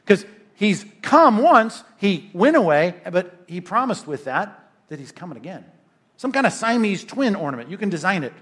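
A man delivering a sermon, his voice sitting a little higher than most men's. He preaches emphatically but keeps it conversational, checking in with the congregation with frequent "right?" asides. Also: sing-song, moderate pace, a bit bright. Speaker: pastor.

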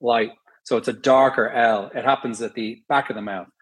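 A man's voice: mid-range voice, fairly even intonation, moderate pace, husky. A middle-aged Irish man with a slightly mixed accent, chatting as a guest in an interview, laughing easily and explaining with examples. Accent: Irish, mixed with London and American. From Ireland. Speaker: actor, guest. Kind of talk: casual interview chat.

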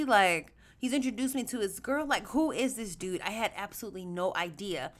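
A woman hosts her podcast in a casual monologue, her voice sitting a little high. She is lively and conversational, calling her listeners y'all. When she quotes people she leaps up into exaggerated voices. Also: normal speed, few pauses. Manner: animated, acts out quoted voices with big pitch jumps; chatty, addresses listeners as y'all. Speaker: podcast host.

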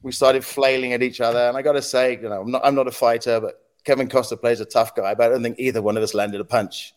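A man on a podcast as a guest, telling lively stories in casual talk, acting out quotes and noises and laughing often. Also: medium pitch, fast. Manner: animated anecdotes, acts out quotes and sound effects, laughs often. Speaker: podcast guest, former news agency head. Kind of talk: casual storytelling interview.

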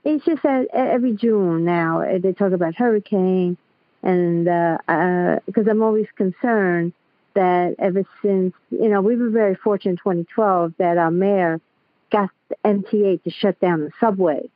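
A woman's voice: fairly low pitch, moderate pace, no echo. A woman caller, talking hesitantly with many fillers. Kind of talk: phone call chat. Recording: tinny phone line.

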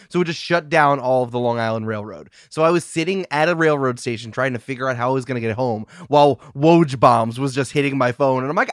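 A man's voice: mid-range voice, no echo, clean studio sound. A man co-hosting a podcast, trading wry, teasing quips about basketball in casual chat. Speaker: podcast co-host.

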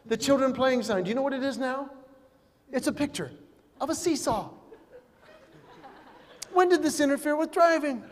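A middle-aged man performing animated stand-up comedy, breaking into shouted, acted-out quotes. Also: very high-pitched, normal speed, long pauses. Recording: live hall with long reverb, faint noise.

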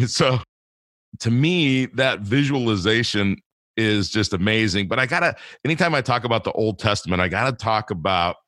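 Man, bright tense voice, lowish pitch, rambling casual faith chat. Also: animated, moderate pace, no room sound, clean studio sound. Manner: rambling, many restarts and fillers. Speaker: podcast guest.

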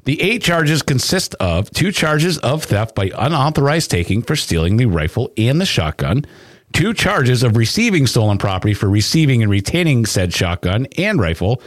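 A man's voice: medium pitch, very animated, normal speed, no room sound. A man co-hosting a podcast in casual chat, reading news aloud with running asides. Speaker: podcast co-host. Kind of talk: casual true-crime chat.

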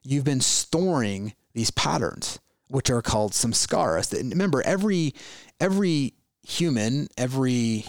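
A man's voice: mid-range voice, animated, measured pace, no echo. A man hosting a solo podcast, giving a reflective spiritual talk full of rhetorical questions and restarts. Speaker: podcast host.

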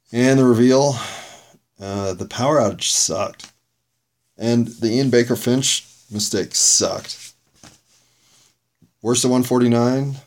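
A man hosting his own podcast, rambling through a reflective and self-critical solo monologue. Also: lowish voice. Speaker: podcast host reviewing his own episodes.

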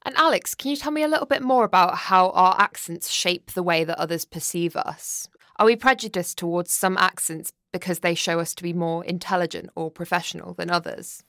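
A woman from the West Midlands hosting a podcast, presenting in a measured, articulate way. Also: on the low side, creaky, fairly bright tone, no room sound, clean studio sound. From West Midlands, England. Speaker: podcast host.

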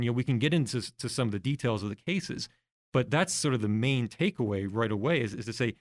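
A man's voice: medium pitch, no echo. Man explaining in a dry podcast studio. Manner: explanatory, walks through examples step by step. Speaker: guest researcher. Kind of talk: podcast interview.

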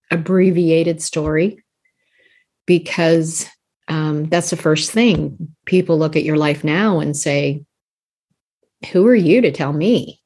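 A woman's voice: sits low, a little mellow. A woman in her fifties, a life coach guest on a podcast, talking earnestly and casually and laughing often between thoughts. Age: 50s.

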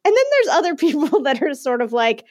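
A woman co-hosting a podcast, telling an animated story in casual chat and laughing often. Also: sits high, quick pace, no echo, studio quality. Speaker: podcast co-host.

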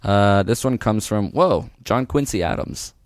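A man co-hosting a comedy advice podcast, reading listener questions and riffing with quick, playful jokes. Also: fairly low pitch, expressive, dry recording, studio quality. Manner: quick, playful, jumps to goofy bits. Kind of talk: casual comedic chat.

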